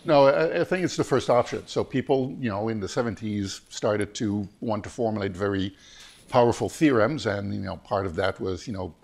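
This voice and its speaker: A man lecturing on physics in a seminar discussion, hoarse and hesitant, with many fillers and restarts. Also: fairly low pitch, normal speed, a little mellow. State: hoarse, losing his voice.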